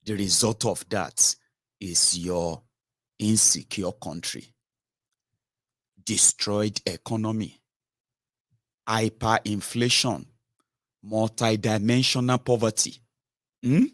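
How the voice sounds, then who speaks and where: A man delivers political commentary with a scolding, emphatic drive, pressing his listeners with rhetorical questions. His voice sits a little low. The sound is dry and close, with no room around it. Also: steady tone, takes it slowly, long pauses, no room sound.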